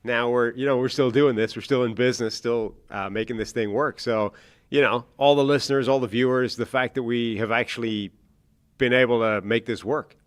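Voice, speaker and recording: A man's voice: medium pitch, steady tone, fairly quick. A man co-hosting a sports podcast, trading dry, teasing one-liners in casual chat. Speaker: podcast co-host. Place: podcast studio.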